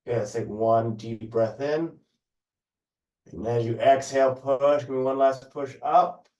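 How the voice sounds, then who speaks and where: Calm man guiding yoga, distant roomy sound. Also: mid-range voice, lo-fi sound. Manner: calm, unhurried cues with breathing prompts. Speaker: yoga instructor. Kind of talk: guided yoga class instruction.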